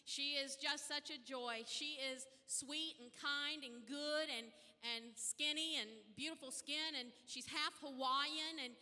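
Bright-voiced woman preacher. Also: sits high, takes it slowly, hardly any pauses. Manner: animated storytelling, acting out dialogue. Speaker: pastor. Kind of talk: testimony sermon. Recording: reverberant hall.

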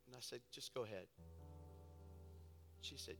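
A man's voice: medium pitch, normal speed, gravelly, soft background music. A man preaching a sermon as pastor, telling a story with fervent delivery. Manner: storytelling, building to loud preaching; soft and intimate in storytelling, loud and fervent in exhortation.

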